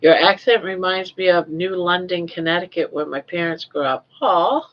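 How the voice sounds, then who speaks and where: An older woman from Southern Maine hosting a casual livestream chat from her home office, cooing softly to her pet between talking with viewers. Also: lowish voice, moderate pace, muffled recording. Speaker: livestream host.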